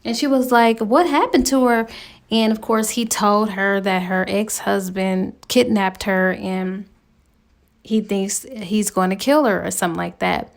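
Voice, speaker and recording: A woman's voice: mid-range voice, steady tone, a little slow, gravelly. A woman giving a chatty, slangy spoken recap of a novel's plot as a book reviewer.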